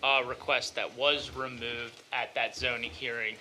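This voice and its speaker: Man with halting answers over heavy noise. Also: mid-range voice, flat delivery. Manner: hesitant, halting.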